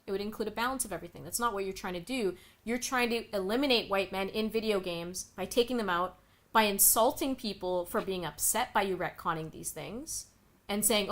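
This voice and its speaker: A woman's voice: a little high, fairly bright tone. A young woman streaming, ranting in a profane, exasperated way and answering chat messages. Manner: reads chat messages aloud and answers them. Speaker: streamer reacting to news. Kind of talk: live-stream commentary.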